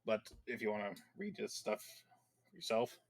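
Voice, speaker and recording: A man acting as game master of an online tabletop game, explaining rules in a relaxed, easygoing way. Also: on the low side, normal speed.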